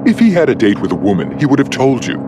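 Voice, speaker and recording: A man's voice: mid-range voice, big pitch swings, quick pace, noisy background, lightly acted. A man voicing a wisecracking male computer sidekick in an audiobook, with dry, precise, teasing delivery. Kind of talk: audiobook character voice.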